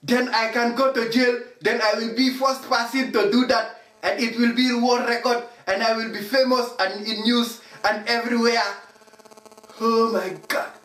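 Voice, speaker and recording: A man's voice: very high voice, little pitch movement, normal speed, a bit bright. Man, comedy vlog monologue, rambling, broken English, echoey room. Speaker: comedy vlogger.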